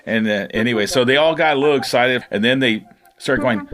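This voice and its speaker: A middle-aged man, a fisherman, telling his own story in a rambling, animated way, often laughing as he talks. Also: mid-range voice, brisk. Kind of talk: casual storytelling interview.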